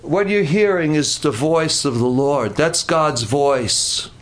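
A gentle old priest, voiced by a preacher, explains things slowly and soothingly. His tone stays patient and calm. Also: on the high side, voice pushed down. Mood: gently explaining.

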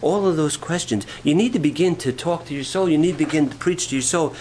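A man preaching a sermon, shifting from quiet storytelling to rising, fervent preaching. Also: on the high side, fast, a little hiss or hum, low-quality recording. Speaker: pastor.

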